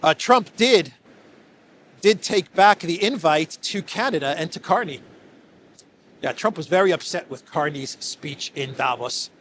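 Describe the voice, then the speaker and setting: A man's voice: on the high side, lively intonation, measured pace, a bit bright. A man giving casual solo political commentary, sarcastic and chuckling, with frequent restarts.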